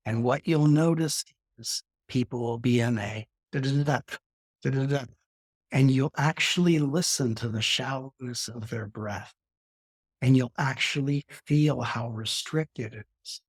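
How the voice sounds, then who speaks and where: A middle-aged man, a spiritual teacher, talking reflectively in an interview and slowing his speech to show calm breathing. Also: husky, no echo, studio quality. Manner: slows down and softens to demonstrate calm breathing; acts out quoted arguments with sudden rises in pitch.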